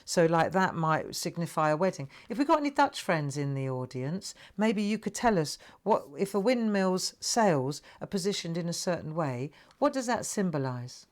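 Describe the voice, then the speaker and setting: South london lady in her sixties, chatty craft livestream host, lots of "right?", kinda low voice. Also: sing-song, normal speed, hardly any pauses. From England. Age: 60s. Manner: chatty and laughing, keeps adding "right?". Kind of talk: live craft stream chat. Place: home craft room.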